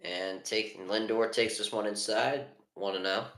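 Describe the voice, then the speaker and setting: A man with a bright, forceful voice calls a baseball game live as a fan. He drops into low, exasperated muttering between pitches, then jumps up for the strikeouts. The room around him has a noticeable echo. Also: unhurried. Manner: frustrated, swings between muttering and excited calls. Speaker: fan commentator. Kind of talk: live fan play-by-play commentary.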